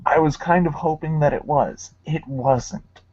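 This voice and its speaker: A man's voice: on the high side, unhurried, darkish tone, dry recording, highs cut off. A man in a casual chat, telling stories and laughing at himself. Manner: laughing, self-mocking storyteller.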